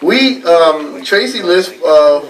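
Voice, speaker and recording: A rambling, chatty man with a New England accent tells ghost stories to a library audience in a casual talk. His voice sits a bit high for a man. He sounds a little distant from the microphone. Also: lively intonation, slow. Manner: rambling, chatty, with frequent fillers and laughs. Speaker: paranormal investigator giving a library talk. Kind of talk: casual storytelling presentation. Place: library meeting room. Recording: voice a little far from the mic.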